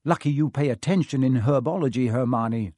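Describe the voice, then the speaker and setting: A man's voice: mid-range voice, a little fast, darkish tone, dry recording, studio quality, lightly acted. A man voicing a brave young schoolboy wizard in a lightly raised, earnest voice. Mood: relieved.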